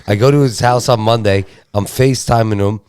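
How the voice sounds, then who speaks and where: A man co-hosting a podcast, telling a story in casual chat, profane and rapid. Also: mid-range voice, smooth. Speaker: podcast co-host.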